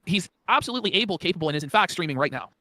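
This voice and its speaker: Fast animated sarcastic man. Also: high-pitched, no echo. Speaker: stream co-host. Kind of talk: casual commentary chat.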